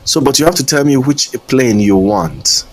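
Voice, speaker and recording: A man's voice: on the high side, normal speed, creaky. A man streaming a flight simulator, chatting casually in a rambling, hesitant way and chuckling often. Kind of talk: casual live-stream chat.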